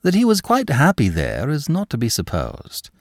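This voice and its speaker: A man reading a classic novel aloud as podcast narrator, with expressive, theatrical phrasing. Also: mid-range voice, normal speed, no room sound, clean studio sound. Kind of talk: scripted audiobook narration.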